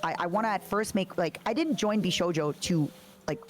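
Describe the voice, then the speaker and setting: A woman's voice: fairly low pitch, fairly quick. A woman guest in a casual chat, telling stories animatedly and acting out what people said. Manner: animated storyteller, acts out quoted dialogue.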